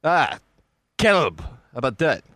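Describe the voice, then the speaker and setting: A man's voice: medium pitch, wildly swooping pitch, a little slow, fairly bright tone, slight background noise. A male radio host talking casually, exasperated and swearing a lot. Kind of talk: casual profane radio chat.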